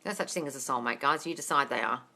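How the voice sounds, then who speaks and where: A woman hosting a live Q&A, her voice bright and forward. She reads viewers' comments aloud and answers in a blunt, no-nonsense way, swearing casually. She calls her viewers darling and guys. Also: rumbling low, fast, vocal fry. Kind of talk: live-stream Q&A reading out comments.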